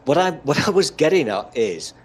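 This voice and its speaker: British man, lively mock-boastful banter. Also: fairly high pitch, normal speed, breathy edge. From Britain. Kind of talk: casual chat.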